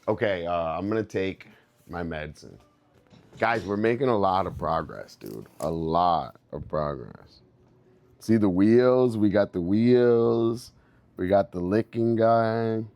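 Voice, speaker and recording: A young man chats loosely with his stream viewers, laughing often and tossing out dude and bro. His voice sits low and he takes his time between words. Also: animated, slow, darkish tone. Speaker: livestreamer. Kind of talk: casual stream chat.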